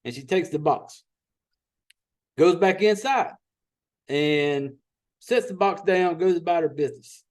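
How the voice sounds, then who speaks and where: High-voiced Southern man recapping a movie. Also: a little slow, pauses often, a little mellow. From Southern United States. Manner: profane, rambling storyteller. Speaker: podcast host.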